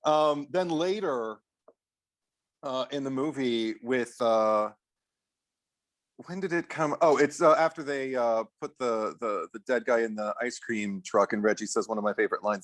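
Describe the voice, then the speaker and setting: A man's voice: medium pitch, moderate pace. Enthusiastic rambling man. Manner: enthusiastic, rambling, full of fillers and quotes. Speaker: podcast co-host. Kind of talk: casual chat.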